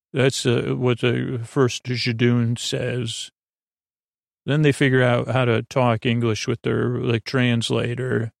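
A man hosting a sleep podcast, giving a soft-spoken, meandering recap of an episode with many filler words. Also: medium pitch, level tone, slow pace, creaky, no room sound, clean studio sound.

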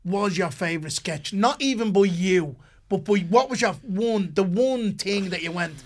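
A man's voice: high-pitched, normal speed. A man hosting a podcast, eagerly quizzing his guest in casual chat. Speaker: podcast host.

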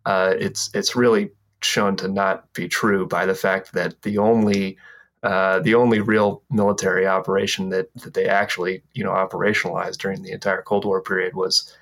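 A man speaking as a researcher guest on a podcast, halting and full of restarts. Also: low-pitched, little pitch movement, fairly bright tone. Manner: halting, many restarts and fillers. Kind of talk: casual chat.

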